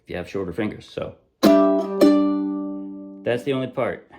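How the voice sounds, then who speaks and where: A man teaching a ukulele song in a relaxed, casual way. He often stops to correct himself and apologize. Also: lowish voice, moderate pace, loud music behind the voice. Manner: relaxed, self-correcting, apologizes when he slips. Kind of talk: casual tutorial explanation. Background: ukulele playing.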